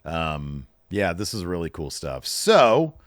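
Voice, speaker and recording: A deep-voiced man recaps wrestling on a casual podcast, swinging his pitch up and down as he retells the action. The sound is dry and close. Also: slow pace, no room sound. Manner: lively storytelling, mimics wrestlers' lines. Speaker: podcast co-host.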